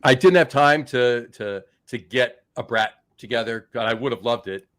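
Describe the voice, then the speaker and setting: A man's voice: medium pitch, moderate pace, a bit bright. A man hosting a beer podcast, chatting casually and telling jokes with lots of fillers and restarts. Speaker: podcast host.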